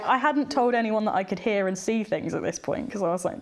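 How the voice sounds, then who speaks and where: A woman's voice: medium pitch, quick pace, hardly any pauses. A young woman from England speaking candidly as an interview guest, retelling her experiences and acting out her past thoughts. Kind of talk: personal testimony in conversation.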